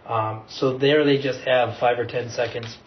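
Calm, measured man, mic far off. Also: medium pitch. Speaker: wrestling coach, guest. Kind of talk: casual podcast conversation. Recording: distant, dull, faint noise.

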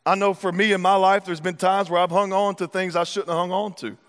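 A man preaching a sermon as pastor, lively and conversational, with repeated words and acted-out asides. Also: high-pitched, fairly quick. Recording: long hall reverb.

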